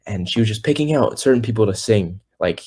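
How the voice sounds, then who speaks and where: A man's voice: on the low side, expressive, fast talker, dark tone, husky. A teenage boy, a singer guest on a podcast, telling his story in a rambling way with many fillers and restarts, acting out what others said. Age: teens. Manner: acts out quoted people. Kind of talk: casual interview.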